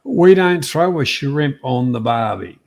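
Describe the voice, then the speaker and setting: A man's voice: mid-range voice, animated, unhurried, darkish tone. An Australian man in a casual podcast chat, laid-back and full of slang.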